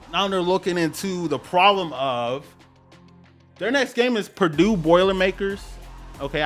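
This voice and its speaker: A man with a New Orleans accent talks football in a loose, rambling way, circling back to the same phrases and bursting out now and then. His voice sits a bit high. Faint music plays under him. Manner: rambling, repeats phrases, animated outbursts. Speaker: podcast host. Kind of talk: casual sports talk.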